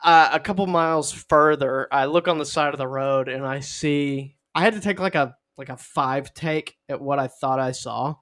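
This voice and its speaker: A man's voice: moderate pace, hardly any pauses, fairly bright tone. A young man co-hosting a podcast, telling a rambling, jokey story in casual chat. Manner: rambling, jokey, acts out quotes in a high squeaky voice. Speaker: podcast co-host.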